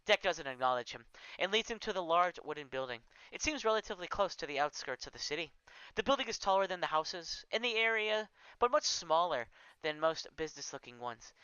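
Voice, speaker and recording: A man's voice: high voice, bright, forceful tone, clear, resonant tone, no room sound, dull audio. A man reading his story aloud on a live stream, with small slips and corrections.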